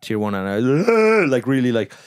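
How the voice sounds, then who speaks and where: An Irish man from the countryside telling animated, swear-filled comic stories in a casual podcast chat. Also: medium pitch, normal speed, no room sound, studio quality. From rural Ireland. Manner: animated anecdotes, frequent laughter and swearing. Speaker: guest comedian.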